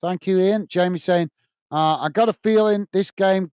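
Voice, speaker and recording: A man's voice: sits high, normal speed, darkish tone, clear, resonant tone, dry recording, studio quality. A man hosting a football watch-along, chatting casually, reading out viewer messages and calling the play. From United Kingdom. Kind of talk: casual live commentary and chat reading.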